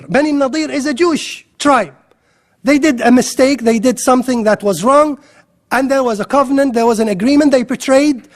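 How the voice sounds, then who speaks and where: Man, religious lecturer, very high pitch, excitable, rhetorical questions. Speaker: Islamic lecturer.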